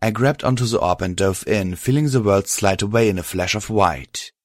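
A man reading a fan-fiction story aloud with a lively, expressive delivery. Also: fairly low pitch, moderate pace, no room sound, studio quality. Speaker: audiobook narrator.

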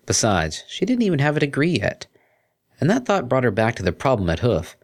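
A man narrating a fan fiction story aloud in an expressive storytelling manner. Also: mid-range voice, brisk. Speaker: story reader.

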